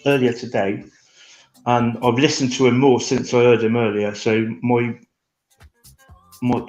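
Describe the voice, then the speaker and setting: A man chatting casually, telling stories in a rambling, animated way with lots of restarts. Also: medium pitch. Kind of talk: casual chat. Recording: dull lo-fi echoey room.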